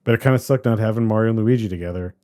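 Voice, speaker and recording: A man co-hosting a podcast, chatting casually about a movie in a rambling, animated way that keeps trailing off and restarting. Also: on the low side, very fast. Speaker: podcast co-host. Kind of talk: casual movie review chat.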